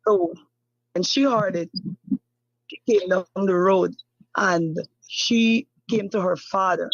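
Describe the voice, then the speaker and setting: A woman whose husband is a missing fisherman recounts events in an interview, halting and repeating herself with many fillers. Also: medium pitch, vocal fry, no room sound, lo-fi sound. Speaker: family member of a missing fisherman, interview guest. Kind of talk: emotional first-hand account in an interview.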